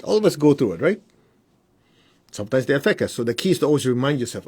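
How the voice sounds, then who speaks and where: A man who works as a spiritual teacher, giving a casual teaching on a live stream. He talks conversationally, keeps asking whether things make sense, and mimics his students in high voices. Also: very animated, quick pace, a little mellow, slightly rough. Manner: conversational, asks the audience whether it makes sense.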